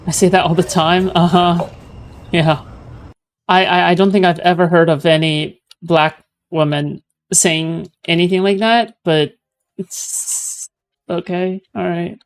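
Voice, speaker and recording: A man's voice: high-pitched, fairly even intonation, takes it slowly, clear, resonant tone. A man streaming, giving casual commentary on a clip in a rambling, sarcastic way with lots of filler words. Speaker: streamer reacting to clips.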